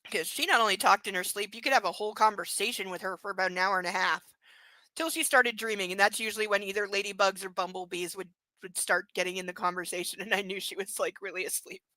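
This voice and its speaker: A woman's voice: medium pitch, steady tone, brisk, bright, forceful tone, dry recording. A woman streaming a live book reading from home, breaking in with blunt, crude, sarcastic asides. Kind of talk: live reading with casual commentary.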